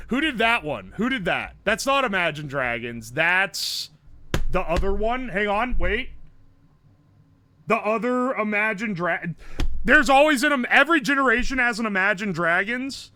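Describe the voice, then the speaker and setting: High, bright-voiced male streamer. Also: animated, normal speed, no room sound. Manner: rambling, swears often, laughs a lot, hums tunes. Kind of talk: casual live-stream chat.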